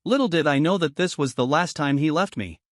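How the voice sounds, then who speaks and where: A man's voice: a little high, lively intonation, fairly quick, no room sound, studio quality. A man telling a dramatic romance story in the first person as scripted narration.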